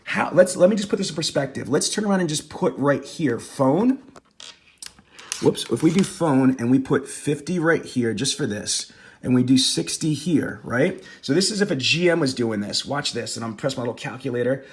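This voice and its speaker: A man's voice: mid-range voice, lively intonation, moderate pace, slightly rough. A male sales trainer coaching a live online audience in an emphatic, repetitive, hyped-up way with chatty slang asides.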